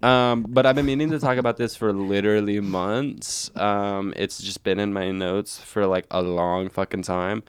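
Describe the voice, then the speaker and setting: A man's voice: fairly low pitch, fairly even intonation, moderate pace, few pauses, clean tone. A man co-hosting a podcast, rambling and swearing freely in casual chat. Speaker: podcast co-host.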